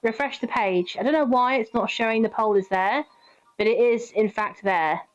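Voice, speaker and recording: British woman, game streamer, chatty and giggly, higher voice, dull lo-fi mic. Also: normal speed, faint music behind. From Britain. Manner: chatty, giggly, talks to chat by name. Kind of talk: casual live-stream chat with viewers.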